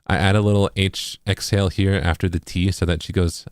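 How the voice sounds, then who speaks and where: A man with a very deep, low voice walks through a tutorial in a casual, explanatory way. He often checks in with "right?" The sound is dry and close, with no room echo. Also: steady tone, a little fast. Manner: explanatory, keeps asking "right?". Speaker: music producer.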